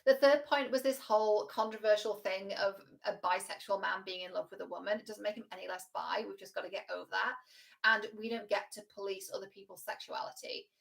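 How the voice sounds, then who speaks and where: A woman relationship coach giving casual reaction commentary, frank and animated, swearing freely. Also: mid-range voice, brisk, creaky.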